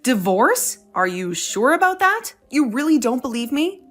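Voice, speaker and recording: A woman's voice: high-pitched, big pitch swings, unhurried, soft background music, full character voice. A woman voicing a young wife who stands her ground, talking in an indignant, sarcastic way. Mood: indignant, defiant. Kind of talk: dramatized story dialogue.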